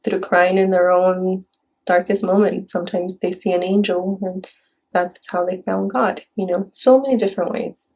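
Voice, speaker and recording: A woman's voice: lowish voice, fairly even intonation, moderate pace, a little mellow, a little hiss or hum. A woman in a casual conversation who teases and laughs often, talking about her spiritual healing work.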